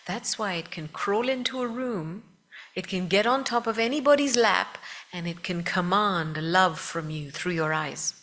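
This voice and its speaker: A woman teaching spiritual meditation to a live audience, talking gently, asking listeners questions and often dropping to a soft whisper. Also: lowish voice, a little slow.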